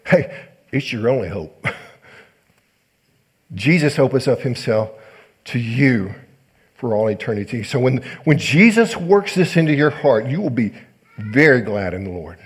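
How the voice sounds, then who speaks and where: A male pastor preaching a sermon in earnest, rising to loud emphasis and dropping to hushed low lines. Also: animated, a little slow, pauses often, husky.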